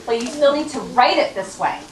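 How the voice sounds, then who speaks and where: A high-voiced woman leads a first-grade reading lesson, patient and coaxing, checking in with the class. She is recorded from a distance in an echoey classroom, with noise in the recording. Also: animated, a little fast, a crowd in the background. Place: elementary school classroom. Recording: roomy classroom recorded from afar, noisy.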